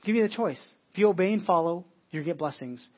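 A man's voice: high voice, animated, a little fast. A man preaching a sermon to his congregation in church, often repeating words and restarting. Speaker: pastor. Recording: dull lo-fi sermon audio.

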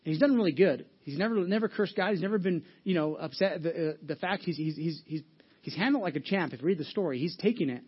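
Man, pastor, chatty sermon, acts out voices, fairly high pitch, muffled lo-fi audio. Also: fast talker, slightly rough. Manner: conversational, acts out Bible voices with humor.

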